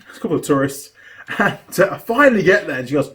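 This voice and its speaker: Chatty New man, lively storyteller. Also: a little high, fast. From New Zealand. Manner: chatty, animated storyteller with a laugh. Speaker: mechanic and video host. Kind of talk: casual chat while building a model kit.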